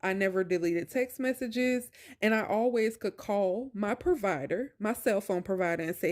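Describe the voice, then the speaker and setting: A woman's voice: medium pitch, normal speed, hardly any pauses, a little mellow. A young woman vlogger telling a personal story in a casual, emphatic, colloquial way, with exasperated asides.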